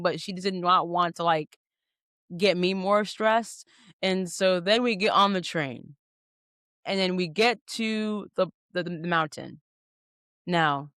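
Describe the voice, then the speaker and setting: A woman's voice: lowish voice, no echo, studio quality. Chatty young woman telling a story. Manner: animated, many "like" fillers, acts out quotes. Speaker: podcast host. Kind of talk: casual storytelling chat.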